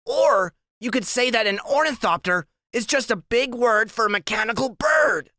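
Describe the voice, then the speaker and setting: Tiny know-it-all boy, much higher than the narrator, lofty mock-formal phrasing, bright ringing tone, storybook audiobook. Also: moderate pace, no echo, studio quality, exaggerated voice. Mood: lofty, show-off. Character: tiny brainy boy who talks like a dictionary. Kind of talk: audiobook character voice.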